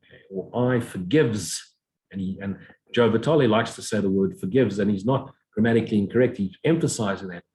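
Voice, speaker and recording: A middle-aged man giving a reflective spiritual talk as a teacher, slowly repeating affirmations in a meditative way. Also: fairly low pitch, a little mellow, low-quality recording. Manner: slow, meditative repetition of affirmations.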